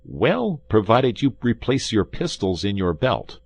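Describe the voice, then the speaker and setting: A man voicing an angry, hot-tempered gentleman from a classic adventure audiobook, indignant and blustering. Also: on the low side, big pitch swings, a little slow, vocal fry, slightly rough, pitched above the performer's own voice, heavily acted.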